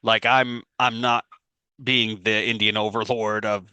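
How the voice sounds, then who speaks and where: A man's voice: lowish voice, flat delivery, unhurried, bright, forceful tone, clear, resonant tone, dry recording. A man co-hosting a podcast over a video call, telling a rambling story and laughing often. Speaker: podcast co-host. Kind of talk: casual podcast chat.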